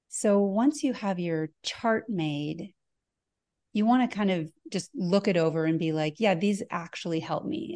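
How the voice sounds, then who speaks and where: Female podcast host, low-pitched and mellow, calm explainer with loose fillers. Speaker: host giving an exercise. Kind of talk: guided instruction in a podcast conversation.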